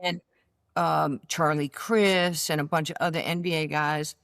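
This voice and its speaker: New york lady in her 60s spinning stories, lively, does the voices, dry close sound. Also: deep voice, a little slow, no room sound. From United States. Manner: animated storyteller, acts out voices in her anecdotes. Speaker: interview guest, former basketball player. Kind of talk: casual storytelling interview.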